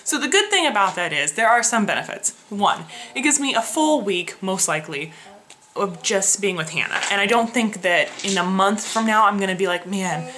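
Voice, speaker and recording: A woman's voice: medium pitch, lively intonation, moderate pace, background noise. A young woman casually vlogging, chatty and frustrated, laughing often. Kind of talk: casual pregnancy vlog.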